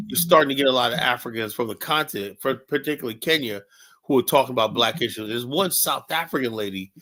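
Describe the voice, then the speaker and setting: This is a fast-talking man with a medium-pitched, bright, forceful voice, heard in a low-quality recording through an online stream mic. Hosting a casual, opinionated livestream talk show, he is blunt, emphatic and often profane, and his anecdotes come with quoted dialogue.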